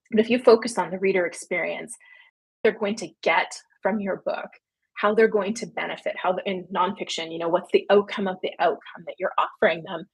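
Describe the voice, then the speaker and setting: A woman's voice: medium pitch, breathy edge. A woman with a Canadian accent, hosting a livestream and answering viewer questions in a chatty, rambling way with frequent laughs. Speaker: publishing company founder hosting a livestream. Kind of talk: casual livestream Q&A.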